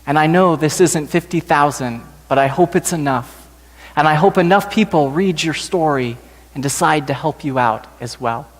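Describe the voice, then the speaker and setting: A male pastor slowly telling a story during a sermon in a church sanctuary. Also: on the high side, in a large hall. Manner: slow, gentle storytelling.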